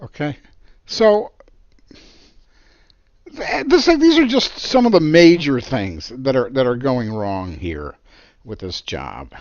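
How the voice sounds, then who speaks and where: A man, an architect, telling a story from his career in an animated, emphatic way. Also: mid-range voice, takes it slowly, long pauses, dry recording, lo-fi sound. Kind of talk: storytelling monologue.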